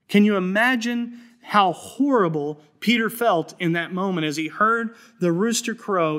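Guy pastor preaching, fairly high voice, chatty storytelling, earnest. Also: a bit bright. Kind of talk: sermon.

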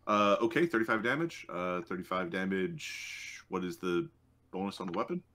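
A man running a tabletop game as game master, unhurried and thinking aloud with many fillers. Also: low voice, lively intonation, fairly bright tone.

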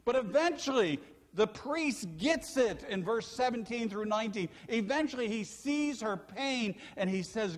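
A sermon from a church sanctuary, recorded with long hall reverb: an older pastor speaks a little slowly in a high-sitting voice, telling animated stories and turning to the congregation with questions.

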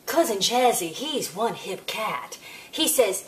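A woman hosting a children's story time, reading a picture book aloud in an expressive, sing-song way with playful asides. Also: mid-range voice, unhurried, a little hiss or hum.

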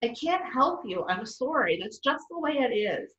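A woman voicing a tired man who speaks quietly and slowly. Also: sits high, very animated, pitched above the performer's own voice. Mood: weary. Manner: soft, weary, measured. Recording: distant, roomy, dull sound.

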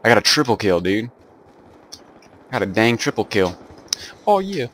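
A young man from the American South, loud and excitable as he trash-talks his friends mid-match. His pitch leaps wildly between low mutters and high whoops. Clear gunfire and explosions from the game crackle behind him. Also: normal speed. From Southern United States. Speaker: gamer. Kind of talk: casual gaming commentary.

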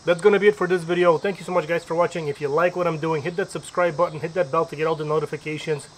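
A man's voice: on the high side, steady tone, very fast, a little hiss or hum. A man hosting a casual cooking demonstration outdoors at a backyard grill, upbeat and chatty as he explains each step. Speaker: cooking channel host.

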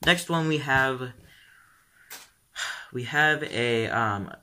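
A man's voice: medium pitch, very slow, bright, forceful tone, smooth. A teenage boy vlogging casually, rambling and filling his talk with um and like. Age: teens. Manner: rambling, full of "um" and "like". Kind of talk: casual vlog commentary.

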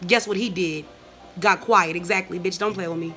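A woman's voice: on the low side, steady tone, moderate pace, fairly bright tone, soft background music. A woman, ranting in a profane, scornful vlog and reading out messages. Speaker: vlogger.

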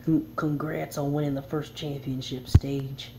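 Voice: medium pitch, flat delivery, a little slow, background noise. A player giving casual gameplay commentary, reading the game's text aloud and chuckling at it along the way. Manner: reads game text aloud with chuckling asides. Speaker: game player.

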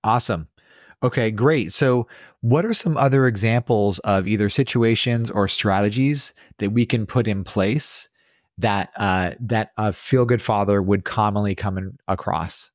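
A man's voice: fairly low pitch, a little slow, dry recording, clean studio sound. Upbeat man hosting a podcast. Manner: enthusiastic, affirming. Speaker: podcast host. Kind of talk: casual interview chat.

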